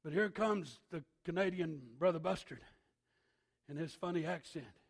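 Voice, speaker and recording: A male pastor preaching a sermon, emphatic, swinging from shouted lines to hushed asides. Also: a little high, lively intonation, normal speed, breathy edge.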